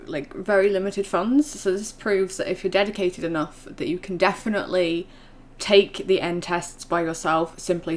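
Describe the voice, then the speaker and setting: Chatty woman vlogging. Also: lowish voice. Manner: chatty, rambling with fillers. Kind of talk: casual vlog chat.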